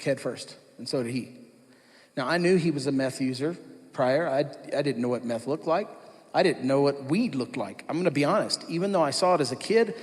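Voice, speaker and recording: A man, likely in his thirties, telling his personal testimony in a conversational storytelling way, with restarts and asides. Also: a little high. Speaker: speaker giving a testimony. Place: church hall. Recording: long reverb of a large hall.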